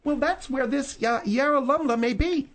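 A man's voice: very high voice, moderate pace, fairly bright tone. A man needling and contradicting the host on a comedy talk radio show.

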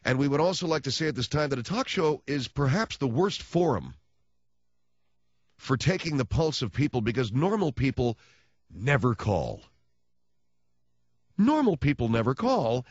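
A man hosting a radio talk show, delivering a mock-solemn, sarcastic announcement in a deadpan way into a studio microphone. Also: medium pitch, moderate pace, no echo, dull audio. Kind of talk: sardonic radio monologue.

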